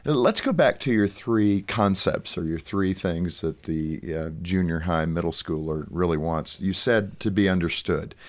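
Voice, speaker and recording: A man's voice: deep voice, a little slow, hardly any pauses. A man hosting a conversation, asking his guests questions and laughing along. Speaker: radio host. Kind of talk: interview conversation.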